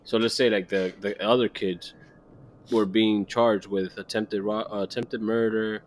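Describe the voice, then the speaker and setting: A man in casual chat, speaking low and laid-back, his voice trailing off. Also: steady tone, measured pace, a little hiss or hum.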